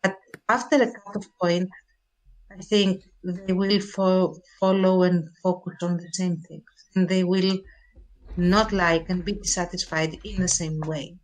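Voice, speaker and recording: A woman's voice: fairly low pitch, steady tone, unhurried, poor audio. A woman co-hosting a podcast, talking in a thoughtful, hedging casual way. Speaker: podcast co-host. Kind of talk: casual chat.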